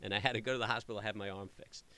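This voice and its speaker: A middle-aged man talks casually and animatedly, rambling from story to story. His voice sits a little low but sounds bright and forward. He leans on plenty of ums and restarts as he goes. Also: fairly even intonation, racing. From New York area. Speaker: trading channel host. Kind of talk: casual chat answering live viewers.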